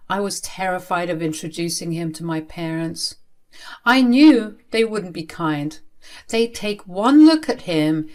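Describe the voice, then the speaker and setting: A young woman telling a first-person story in an emphatic, expressive way. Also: on the low side.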